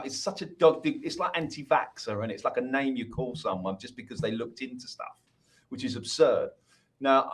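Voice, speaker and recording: A man's voice: lowish voice, a bit bright. A man who is a musician, a guest on a podcast, explaining his views at length in a casual, earnest, rambling way with many restarts. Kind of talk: casual interview chat.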